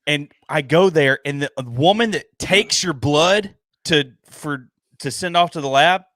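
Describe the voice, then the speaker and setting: Bright, excitable tipsy man. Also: on the high side, a little slow, no room sound, studio quality. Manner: excitable, laughing, rambling storyteller. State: tipsy from whiskey. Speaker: podcast host. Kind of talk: casual chat over drinks.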